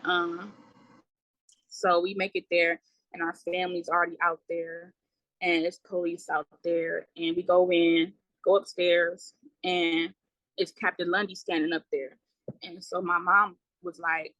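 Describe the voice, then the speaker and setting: Bright-voiced woman recounting a loss. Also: fairly low pitch, level tone, no room sound, poor audio. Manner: halting, many fillers, quiet trailing words. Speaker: guest. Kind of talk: emotional personal account.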